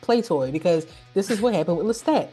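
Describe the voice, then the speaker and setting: A woman's voice: fairly low pitch, expressive, fairly quick, mellow, breathy edge, faint music behind. A woman co-hosting a horror movie podcast, chatting playfully and slipping into silly sung bits. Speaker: podcast co-host. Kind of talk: casual chat.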